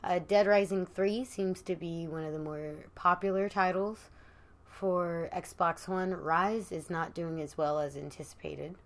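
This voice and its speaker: A woman co-hosting a podcast, chatting casually about video games and quick to call out myths. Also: fairly low pitch, fairly even intonation. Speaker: podcast co-host. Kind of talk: casual chat.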